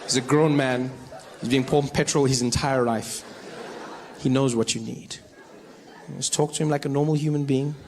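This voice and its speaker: A man from South Africa with a South African accent, telling stand-up stories in an animated way and repeating lines for emphasis. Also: fairly high pitch, a little hiss or hum. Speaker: stand-up comedian. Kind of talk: stand-up comedy. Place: comedy club stage.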